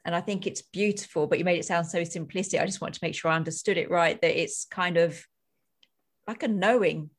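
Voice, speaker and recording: A woman's voice: lowish voice, fairly quick. A woman podcast host talking thoughtfully in a rambling, conversational way. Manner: thoughtful, rambling, many "like" and "you know". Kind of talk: conversational interview.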